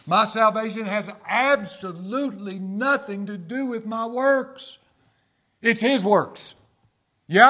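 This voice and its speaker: Impassioned male preacher with loud emphatic peaks. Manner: impassioned, swinging between loud emphatic peaks and quiet low asides; rhetorical questions, King James quotations. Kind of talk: sermon.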